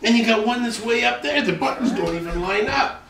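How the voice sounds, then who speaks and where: A man's voice: very high-pitched, lively intonation, fairly quick, fairly bright tone, a little hiss or hum, voice pushed up, heavily acted. A man doing an earnest, fussy friend. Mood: concerned. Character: concerned male friend of the groom. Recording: echoey room, recorded from far off.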